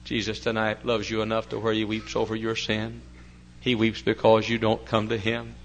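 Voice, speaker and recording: An older man preaching a sermon, swinging from quiet talk to loud, impassioned preaching, with folksy chatty asides. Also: lowish voice, monotone, moderate pace, a little hiss or hum, rough recording.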